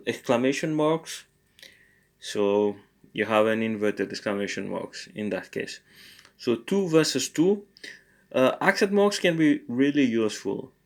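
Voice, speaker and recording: Slow, hesitant male language teacher. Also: mid-range voice. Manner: thinks aloud, hesitant with frequent fillers; corrects his own mistakes good-humouredly. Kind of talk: informal language lesson.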